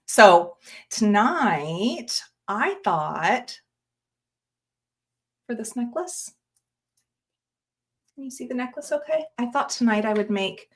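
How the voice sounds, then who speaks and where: A woman hosting a live jewelry-making stream, chatting casually, reading viewer comments aloud and greeting viewers by name. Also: medium pitch. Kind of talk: casual livestream chat with viewers.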